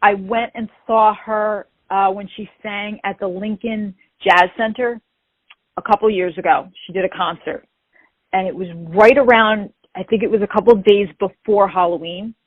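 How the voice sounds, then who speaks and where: A woman, telling an animated story as an interview guest and acting out the quoted dialogue. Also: mid-range voice, normal speed, no echo. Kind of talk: casual storytelling. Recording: tinny phone-like call audio.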